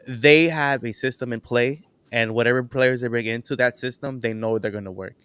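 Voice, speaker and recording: Smooth-voiced man, dry close sound. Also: mid-range voice, fairly even intonation, moderate pace, fairly bright tone, no echo. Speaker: podcast co-host. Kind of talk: casual sports analysis.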